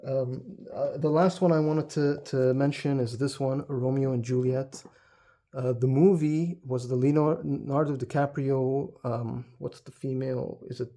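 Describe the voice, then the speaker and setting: A man's voice: mid-range voice, dark tone. A man talking casually to camera about books and films, hesitant with many fillers and restarts. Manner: hesitant, many ums and restarts, laughs often. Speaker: book video creator. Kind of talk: casual book talk to camera.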